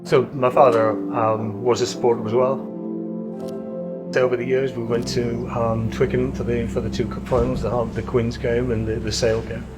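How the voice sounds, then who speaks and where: An older man speaks in a reflective, halting way, stopping often to find his words. His voice stays quite level and flat. Soft music plays beneath him. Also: medium pitch, poor audio. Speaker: rugby fan. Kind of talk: documentary interview.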